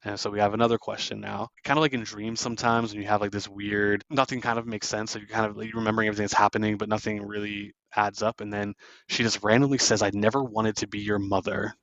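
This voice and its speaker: A man's voice: fairly low pitch, little pitch movement, fast talker, a bit bright, no room sound, dull audio. A man hosting a podcast, loosely retelling a film scene by scene with plenty of fillers. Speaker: podcast host. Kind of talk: casual film recap.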